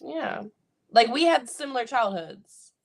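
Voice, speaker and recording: Deadpan young woman with dry quips. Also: a little high, a little slow, vocal fry, a little hiss or hum. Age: 20s. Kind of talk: casual comedic chat.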